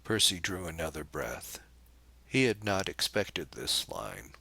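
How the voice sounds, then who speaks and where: A man narrating a novel as an audiobook in a measured, unhurried reading. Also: sits low, lively intonation, creaky, pushed and bright, no echo.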